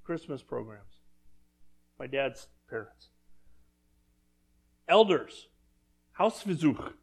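A man's voice: medium pitch, sing-song, takes it slowly, creaky, breathy edge. A man preaching a sermon in a church, talking conversationally and asking the congregation questions. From Southern California. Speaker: pastor.

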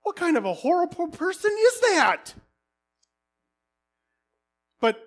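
Animated man preaching a sermon. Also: very high-pitched, unhurried, pauses often. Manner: animated storytelling, acting out characters, bursts of loud calls. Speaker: pastor.

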